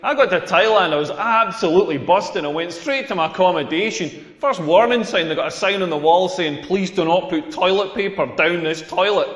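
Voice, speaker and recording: A man's voice: sits high, fairly quick, hardly any pauses, fairly bright tone. A man with a Scottish accent playing a crude, self-mocking stand-up comedian telling a rambling routine on a comedy club stage. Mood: deadpan crude. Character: crude boastful Scottish male stand-up comic. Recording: echoey hall with long reverb.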